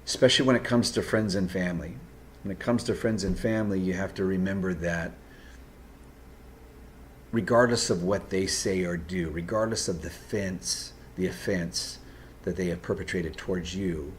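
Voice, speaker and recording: Low-voiced male host, unscripted and direct, earnest advice with halting restarts; slight background noise. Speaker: video host giving personality-type advice.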